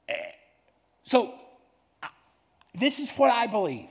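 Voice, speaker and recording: A man preaching a sermon as a pastor, fervent and emphatic, repeating phrases and building to shouts. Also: very high voice, very animated, slow pace, long pauses, breathy edge. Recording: reverberant hall.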